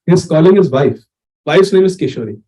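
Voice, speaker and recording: A man's voice: fairly high pitch, animated, a little fast, warm tone, natural voice, low-quality recording. A man voicing a female companion of a goddess, patiently explaining.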